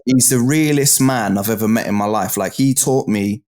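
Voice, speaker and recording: A man's voice: on the low side, normal speed, darkish tone. A man with a British accent, a guest in an interview, telling stories in a casual, slang-heavy way and often asking "do you know what I mean". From United Kingdom.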